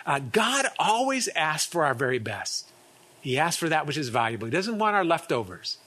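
A middle-aged pastor preaching a sermon, earnest, often repeating words and acting out little quoted exchanges. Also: male voice, fairly high pitch, big pitch swings, moderate pace, bright, forceful tone.

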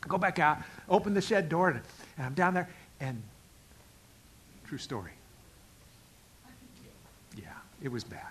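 A middle-aged male pastor telling a story in a sermon, acting out the dialogue and swinging from loud outbursts to quiet asides. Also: a little high, a little slow, long pauses, noisy background. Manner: animated, acts out dialogue with big swings in loudness.

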